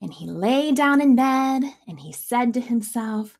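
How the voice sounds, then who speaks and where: A woman's voice: a little high, lively intonation, measured pace, creaky, darkish tone. A young woman reading a picture book aloud to children, stopping to ask them questions about the pictures. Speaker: school staff reader. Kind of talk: children's storytime read-aloud.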